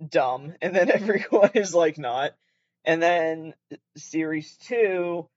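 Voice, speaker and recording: A young Canadian man with a fairly high voice hosts a casual solo podcast, rambling along, swearing a lot and often correcting himself. He has a Canadian accent, and the audio sounds dull.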